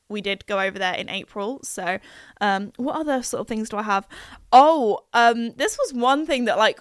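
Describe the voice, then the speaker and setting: A woman's voice: fairly high pitch, a bit bright, no room sound, clean studio sound. A young woman with an English accent, hosting a podcast in casual, giggly chat full of "like". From England. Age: young adult. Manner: chatty and giggly, peppered with "like". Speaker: podcast host.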